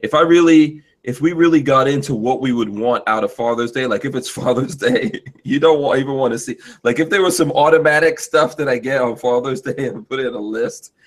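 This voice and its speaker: A man hosts a relaxed podcast chat at a middle pitch. He poses questions and tosses in joking asides. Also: brisk, few pauses. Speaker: podcast host.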